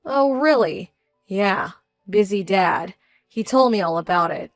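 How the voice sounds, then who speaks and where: A woman's voice: medium pitch, expressive, no room sound, faint music behind. A woman playing a hurt, indignant bride-to-be. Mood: cold. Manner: indignant, measured, cold. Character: young bride-to-be, hurt and proud, quietly fierce. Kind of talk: scripted story drama.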